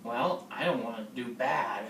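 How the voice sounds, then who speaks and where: A man's voice: medium pitch, a little slow, creaky, fairly bright tone. A young man voicing a timid little boy about to start a class, small and hesitant. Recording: roomy, distant mic, faint noise.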